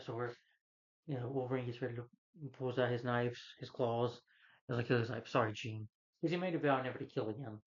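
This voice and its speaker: A man recaps a movie scene by scene in a loose, rambling way, stumbling over his words and leaning on fillers. His voice sits at an ordinary middle pitch. The recording sounds a little dull and lo-fi. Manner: rambling, halting, full of "you know" and restarts. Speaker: movie reviewer. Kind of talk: casual plot retelling.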